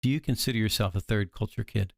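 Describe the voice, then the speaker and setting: A man's voice: on the low side, fast, vocal fry, no echo. A man interviewing a couple, asking questions and encouraging with short affirmations.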